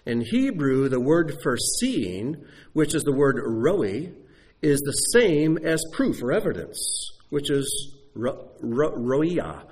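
Animated male preacher teaching Scripture. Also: medium pitch, slow pace. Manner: animated teaching delivery, spelling out Hebrew words. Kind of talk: sermon teaching.

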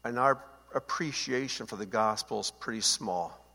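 A man's voice: fairly low pitch, normal speed, bright, forceful tone. A man giving a conversational Bible teaching, often checking that his listeners follow. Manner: conversational, asks listeners to confirm. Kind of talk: seated Bible teaching talk. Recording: long hall reverb.

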